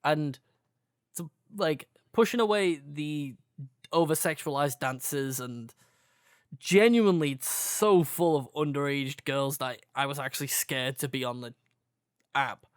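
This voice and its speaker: A young man in his twenties chatting loosely on a podcast, his voice sitting a touch higher than most men's. He rambles, leans on filler words and swears freely. The sound is dry and close, with no room around it. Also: unhurried, clean tone, no echo. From England, near Liverpool. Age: 20s. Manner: rambling and laid-back, full of "like" and swearing. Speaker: podcast co-host. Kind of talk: casual chat.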